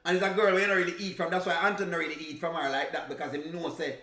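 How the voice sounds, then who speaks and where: A man's voice: a little high, flat delivery, very fast, pushed and bright, roomy sound. A man from Jamaica with a Jamaican accent, chatting casually on a live stream, teasing and laughing and slipping into patois. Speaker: reaction streamer.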